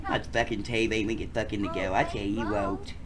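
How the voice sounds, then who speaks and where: A woman chatting casually while playing a life-simulation game, swearing often and breaking into loud shouts. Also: extremely low pitch, fairly even intonation, a little fast, a crowd in the background. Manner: profane, loud shouted outbursts. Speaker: game player. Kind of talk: casual gameplay chat.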